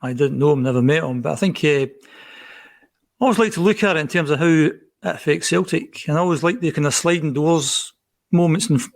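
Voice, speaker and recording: Fairly high-voiced man on a podcast. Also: fairly quick, creaky. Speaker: podcast co-host. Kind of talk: casual podcast chat.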